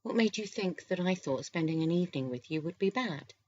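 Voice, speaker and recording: Casting: woman reading as a smooth, flirty man in charge, low soft delivery, quietly confident, dull lo-fi audiobook sound. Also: lively intonation, brisk. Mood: teasing. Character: charming flirtatious male boss. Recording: slightly dull lo-fi recording.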